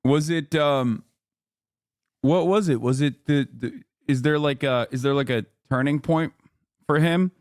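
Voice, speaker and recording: Male streamer, fairly high voice, sarcastic and profane, dry close sound. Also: unhurried, dry recording. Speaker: streamer reacting to a video. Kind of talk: livestream reaction commentary.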